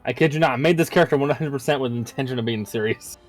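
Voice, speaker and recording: A man's voice: medium pitch, rapid-fire, over music. A man chatting casually as a player after a tabletop game, earnest and telling stories. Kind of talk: casual chat.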